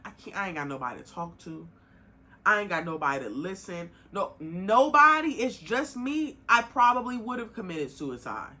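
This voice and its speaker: A young woman hosting a podcast, talking bluntly and emphatically in a casual monologue, swearing freely and rising in heat before calming herself. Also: fairly low pitch, moderate pace. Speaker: podcast host.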